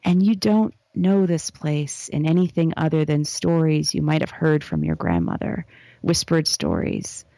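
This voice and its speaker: Slow, gravelly woman guiding a visualization. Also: deep voice, animated, no room sound. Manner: slow, soft, evocative storytelling with whispered words. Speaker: interview guest. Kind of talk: guided visualization then casual interview talk.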